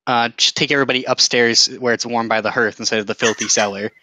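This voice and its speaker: A man's voice: medium pitch, fairly even intonation, fast talker, bright, forceful tone, no echo, low-quality recording. A young man narrating as game master over voice chat, casual and hesitant with many fillers. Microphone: voice chat microphone.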